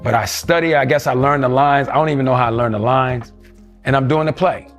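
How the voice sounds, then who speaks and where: A man's voice: medium pitch, fairly quick, faint music behind. A man, telling stories from his youth in an interview and acting out the voices of the people he quotes. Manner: animated storyteller who acts out quoted voices. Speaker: interview guest. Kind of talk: storytelling interview.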